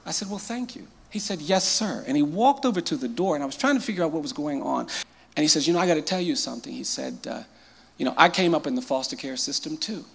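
A man, a lawyer, telling a story with dramatic pauses and quoting others in his own voice. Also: fairly high pitch, creaky, a bit bright, husky. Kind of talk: storytelling talk.

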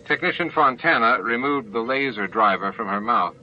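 A man narrating an amateur audiobook in steady storytelling. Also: medium pitch, normal speed, highs cut off, a little hiss or hum. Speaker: audiobook reader.

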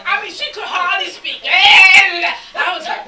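A woman preaching a sermon, telling a lively story and acting out the people in it, sometimes shouting and laughing. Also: extremely high pitch, extremely slow. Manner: animated storytelling, acts out quoted people; shouts and laughs between lines. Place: church sanctuary. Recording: echoey church sound from a distant mic.

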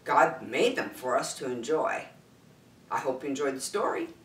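A woman reading a picture book aloud to children in an animated, sing-song storytelling voice. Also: extremely low pitch, normal speed, echoey room.

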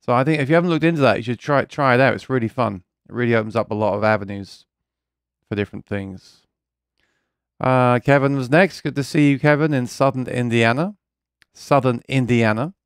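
A man's voice: medium pitch, brisk, clear, resonant tone, no echo, clean studio sound. A man hosting a casual live chat about music gear, rambling and reading viewer comments aloud, earnest and keen about guitars. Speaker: livestream host.

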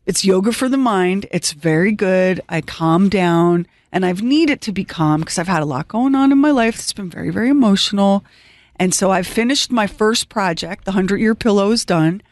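A middle-aged woman co-hosting a radio show, telling a story in an animated, self-mocking way. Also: no room sound, clean studio sound. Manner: animated, self-mocking storytelling with squeaky teary quoted outbursts. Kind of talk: storytelling chat.

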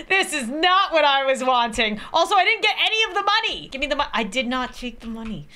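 A young woman narrates her gameplay in an excitable let's play style, chatting to the people in the game and yelping. Her voice sits high and swings widely, with a bright, sharp edge. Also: fairly quick, hardly any pauses, a little hiss or hum. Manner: excitable, yelps and laughs, chats to game characters. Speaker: gaming video creator.

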